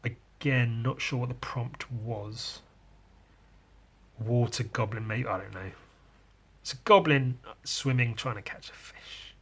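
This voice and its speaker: A man's voice: medium pitch, slow pace, fairly bright tone, husky. A man giving rambling, irreverent commentary on his own sketchbook, swearing freely and mocking himself. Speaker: artist showing his sketchbook. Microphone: podcast mic.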